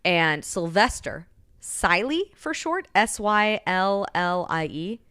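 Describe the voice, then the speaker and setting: A woman chatting casually on a podcast, retelling a book plot in an animated, swearing way and acting out the characters' lines. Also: mid-range voice, takes it slowly, clean tone, no room sound, studio quality. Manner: animated, profane storyteller who acts out characters' lines. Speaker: podcast co-host or guest.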